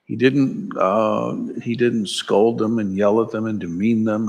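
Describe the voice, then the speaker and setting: A man's voice: fairly low pitch, fairly even intonation, a little slow, creaky, hardly any pauses, darkish tone, lo-fi sound. A man giving a conversational dharma talk at a temple, wry and asking his listeners questions. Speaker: dharma teacher. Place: temple hall.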